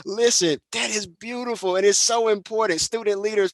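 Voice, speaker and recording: A man, a band director, moderating an online panel in an emphatic, encouraging way and slowing down to stress his points. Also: high voice, no echo.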